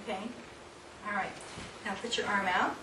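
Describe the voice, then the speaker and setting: With a medium-pitched, steady voice at normal speed, a woman leads a seminar demonstration using volunteers in a hall full of people. She coaxes, instructs, and laughs a lot, captured in a distant, echoey recording with noise.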